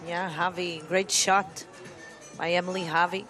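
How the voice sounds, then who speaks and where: A woman's voice: fairly low pitch, level tone, measured pace, fairly bright tone, faint music behind. A woman co-commentating on a live football match, adding facts about players. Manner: backs up the lead with player facts.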